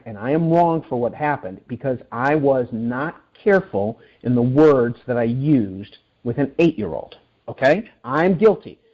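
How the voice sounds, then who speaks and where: A middle-aged man being interviewed as an author, telling stories animatedly with frequent restarts and repeated words. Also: medium pitch. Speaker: guest author. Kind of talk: interview storytelling. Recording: dull lo-fi audio.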